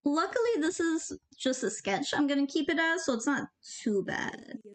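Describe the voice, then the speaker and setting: A young woman with a high, light voice talks her way through her work in a loose, rambling way. She jokes at her own expense and drops casual tips as they come to her. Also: animated, moderate pace, slight background noise. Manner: rambling, jokey, gives offhand tips. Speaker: animator. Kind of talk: casual commentary while working.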